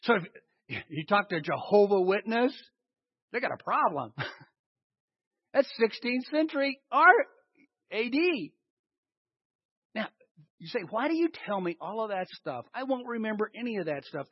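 A man's voice: high-pitched, measured pace, long pauses, slightly rough, no room sound. A man preaching a sermon, quizzing his listeners with questions and answering them himself. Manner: animated, asks the congregation questions and answers them. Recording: dull lo-fi recording.

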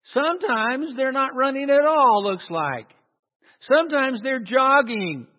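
Emphatic high-voiced preacher in a hall. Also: male voice, expressive, unhurried. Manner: emphatic, calls for congregation responses. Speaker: pastor. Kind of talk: sermon. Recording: dull sound in a long-reverb hall.

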